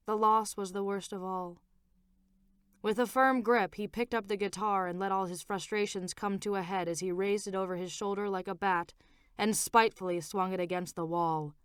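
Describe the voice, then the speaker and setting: A woman author narrating her own novel as an audiobook in a measured, expressive reading. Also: medium pitch, clean tone, dry recording, studio quality.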